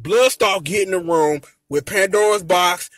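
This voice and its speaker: High-voiced, bright, animated man. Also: a little slow, dry recording. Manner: animated, slangy, acts out characters in quoted voices. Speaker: anime and tokusatsu episode reviewer. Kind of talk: casual review rant.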